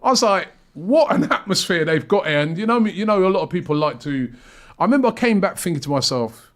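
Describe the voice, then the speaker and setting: A man's voice: sits high, expressive, quick pace. A man hosting a casual football chat show, chatty and rambling with lots of fillers. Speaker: show host.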